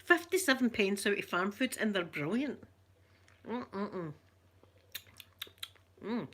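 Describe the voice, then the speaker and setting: An older Scottish woman chatting softly and affectionately in an ASMR vlog, rambling along and greeting viewers by name. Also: medium pitch, expressive, slow, a little hiss or hum. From Scotland. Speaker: ASMR vlogger.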